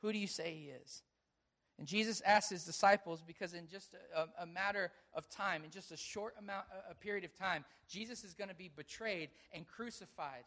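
Man, pastor, high voice, sermon, animated storytelling. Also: brisk, hardly any pauses. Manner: storytelling, animated, quoting others in dialogue.

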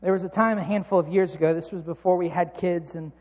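High-voiced pastor in echoing hall. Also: male voice, fairly even intonation, quick pace, darkish tone, lo-fi sound. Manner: earnest, self-mocking storytelling. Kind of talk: sermon with personal story. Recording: long reverb of a large hall.

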